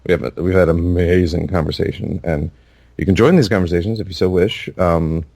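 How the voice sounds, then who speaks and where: A man's voice: low voice, steady tone, a little fast, creaky, warm tone, no room sound. A man co-hosting a casual gaming podcast, rambling with lots of fillers and restarts. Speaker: podcast co-host.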